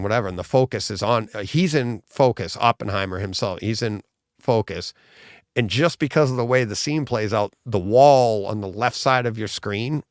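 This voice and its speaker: Male co-host, gravelly voice, rambling and enthusiastic, dry close sound. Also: on the low side, no echo. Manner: rambling, enthusiastic retelling with many restarts. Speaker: podcast co-host. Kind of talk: casual livestream chat.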